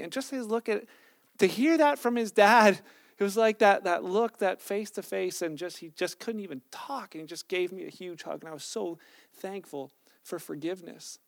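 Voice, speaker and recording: Here a pastor with kids tells his sermon like a casual story, often backing up to rephrase. He speaks at normal speed in a voice that sits high, with some vocal fry. The sound is dry and of studio quality.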